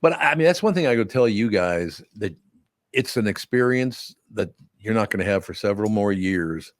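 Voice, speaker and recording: A man's voice: lowish voice, animated, normal speed, no room sound, clean studio sound. An older grandfather hosting a casual family chat, rambling and chatty with lots of fillers. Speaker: host, grandfather.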